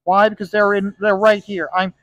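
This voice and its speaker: A man talks in a loose, ranting monologue and keeps coming back to "okay?" to drive his points home. His voice sits fairly high for a man. The sound is dry, with little room around it. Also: little pitch movement, moderate pace, fairly bright tone, no room sound, highs cut off. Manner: ranting, emphatic, repeats "okay?". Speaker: comic book inker and video host. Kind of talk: casual monologue vlog. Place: bar.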